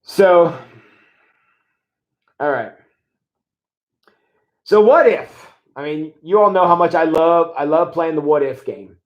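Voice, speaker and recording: A man talking as a pastor on a livestream, conversational and animated, reading viewer comments and acting out mock prayers. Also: fairly high pitch, takes it slowly, long pauses, roomy sound, lo-fi sound.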